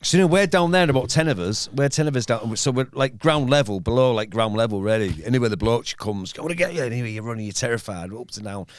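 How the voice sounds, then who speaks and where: A middle-aged man with a Hull accent, telling animated, rambling stories in a casual podcast chat. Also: fast, hardly any pauses, no echo, studio quality. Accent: Hull, East Yorkshire. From Hull, England. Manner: animated, rambling storyteller with sudden pitch jumps. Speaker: podcast host.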